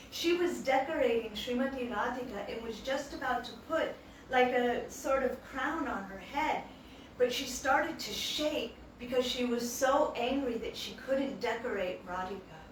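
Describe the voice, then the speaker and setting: Casting: woman storyteller, animated devotional talk, distant mic, faint background hum. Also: high-pitched, a little slow. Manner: animated, acts out quotes. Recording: echoey hall, distant mic.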